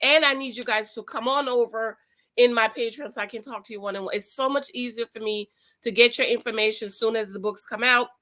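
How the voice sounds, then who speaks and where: Woman, dating advice host, sassy and preachy, high voice, bright tone. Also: fairly even intonation, fairly quick. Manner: sassy, preachy, talks straight to viewers as "girl". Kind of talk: casual reaction commentary.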